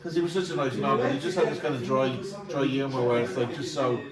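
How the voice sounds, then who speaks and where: A man's voice: mid-range voice, fast talker, a loud crowd. A man in his forties co-hosting a podcast in casual chat, rambling and repeating words as he tells a story. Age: 40s. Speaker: podcast co-host. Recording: echoey room, mic at a distance.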